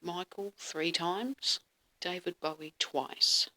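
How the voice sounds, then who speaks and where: A woman's voice: fairly low pitch, fairly even intonation, takes it slowly, bright, forceful tone. A woman telling a dream story in a dramatic, casual way, often dropping to a whisper and swearing freely.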